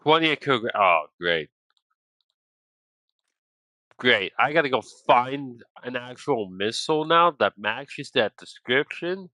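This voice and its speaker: A young man streaming a game, chatting casually and talking to his chat in an exasperated, lively way. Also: mid-range voice, takes it slowly, long pauses, dry recording. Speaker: gaming streamer.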